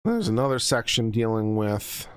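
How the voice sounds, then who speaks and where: A man's voice: on the low side, big pitch swings, moderate pace, clear, resonant tone. A man hosting a legal commentary stream, explaining rules to viewers over and over in a patient but mildly exasperated teaching manner.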